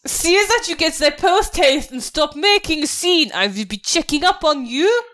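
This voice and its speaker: A woman's voice: sits high, animated, normal speed, fairly bright tone, pitched above the performer's own voice. A woman voicing a stern, pompous male German general who barks threatening orders.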